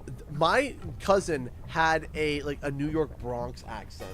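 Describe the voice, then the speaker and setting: A man's voice: a little high, expressive, a little slow, fairly bright tone, faint music behind. A man with a Canadian accent, chatting casually as host of a gaming livestream, rambling and cutting himself off. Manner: rambling, self-interrupting and laughing. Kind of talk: casual chat while gaming.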